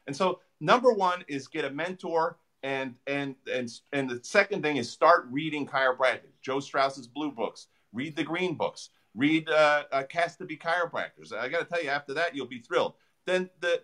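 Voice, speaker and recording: Bright-voiced, animated male chiropractor. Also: a little high, moderate pace. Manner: animated storytelling with frequent fillers. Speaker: chiropractor guest. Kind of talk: interview answers.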